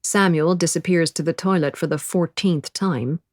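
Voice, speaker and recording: A woman narrating an audiobook in the first person, measured and quiet. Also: on the low side, no room sound, clean studio sound.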